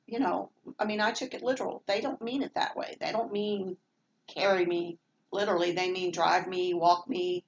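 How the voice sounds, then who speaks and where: Southern-accented woman in middle age, rambling home vlog, lowish voice, faint hiss behind. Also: steady tone, normal speed, highs cut off. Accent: Southern American. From American South. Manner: chatty, meandering, many fillers and restarts. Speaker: vlogger. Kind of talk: rambling casual monologue.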